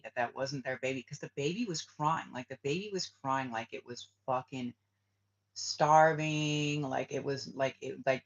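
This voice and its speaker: A man of middle pitch talks in a loose, rambling monologue, peppered with filler words and curses. The sound is dull and lo-fi. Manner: rambling, full of "like" and swearing. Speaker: spiritual reader and vlogger.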